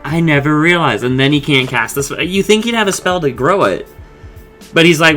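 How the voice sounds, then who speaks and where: A man's voice: fairly high pitch, animated, normal speed, a bit bright, faint music behind. A man hosting a podcast, casually recapping and discussing an episode in a rambling way, swearing freely and paraphrasing the characters' lines. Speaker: podcast host.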